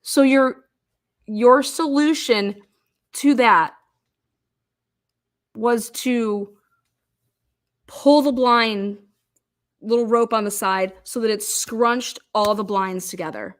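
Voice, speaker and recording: A woman's voice: medium pitch, unhurried, long pauses. A middle-aged woman telling stories in a casual monologue, profane and exasperated, acting out quoted voices. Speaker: commentator on a criminal case.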